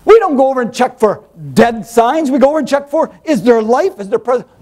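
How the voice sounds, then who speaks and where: A male pastor preaching a sermon in an animated, rhetorical way, firing questions at the congregation. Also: very high-pitched, brisk.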